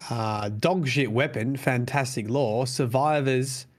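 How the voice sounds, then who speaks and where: A man's voice: mid-range voice, slow pace. A man co-hosting a casual chat. He rambles, swears freely and fills gaps with "um" and "like". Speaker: podcast co-host.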